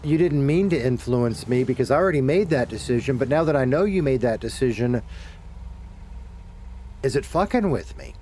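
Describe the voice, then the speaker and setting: A man's voice: medium pitch, a little mellow, slight background noise. A middle-aged man with a Southern US accent, chatting casually to his viewers while he plays, rambling, correcting himself, and cursing now and then. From Deep South of the United States. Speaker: streamer.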